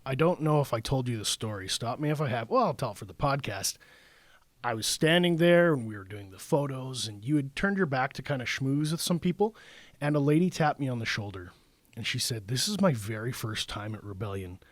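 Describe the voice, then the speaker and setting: A man hosting a podcast, telling stories in a relaxed conversational way. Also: mid-range voice, brisk, no echo. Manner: conversational storyteller. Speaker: podcast host. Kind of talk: casual podcast chat.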